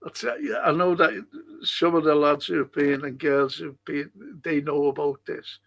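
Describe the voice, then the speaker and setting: An older man hosting a podcast reads out listener messages and answers them in a loose, rambling chat. His fairly bright voice is on the high side, unhurried and full of vocal fry.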